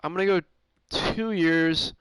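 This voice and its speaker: A man streams a hockey management game, thinking aloud in casual commentary full of fillers and restarts. His high-pitched voice is unhurried, a bit bright and smooth, with no echo, though the recording is rough.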